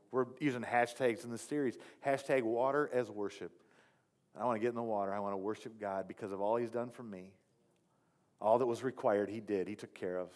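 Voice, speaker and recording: A male pastor giving a sermon built around a personal testimony, telling the story with animation and dropping to soft, earnest tones when he quotes himself. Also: medium pitch.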